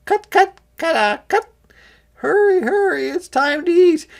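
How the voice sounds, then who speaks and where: Storybook hens, fussy and clucking, high and loud squawks, put on by the reader. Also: expressive, measured pace, gravelly, exaggerated voice. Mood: excited clucking. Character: flock of fussy snow-white hens.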